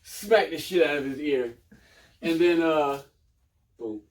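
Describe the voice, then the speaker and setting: A man, a professional wrestler telling a profane story in a casual interview, loud, laughing and acting out the quotes. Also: slow pace, distant mic. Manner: loud, laughing, acts out quotes with big pitch jumps.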